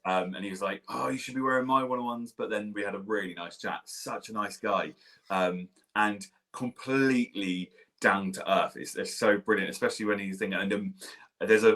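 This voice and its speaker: A man's voice: on the low side, fairly even intonation, moderate pace, fairly bright tone. A man co-hosting a podcast, chatting as a gushing, enthusiastic fan. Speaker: podcast co-host. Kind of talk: casual chat.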